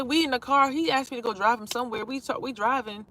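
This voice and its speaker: A woman vlogger telling a personal story in a casual, animated way, swearing freely and acting out what people said. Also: on the high side, moderate pace, few pauses. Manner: animated, profane, acts out quotes.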